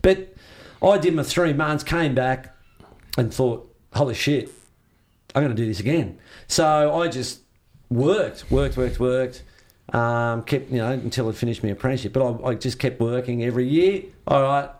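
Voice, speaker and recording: This older Australian surfer talks casually in an interview, drifting through laid-back surf-trip stories full of swearing and acted-out dialogue. He has a medium-pitched, slightly mellow voice at moderate speed.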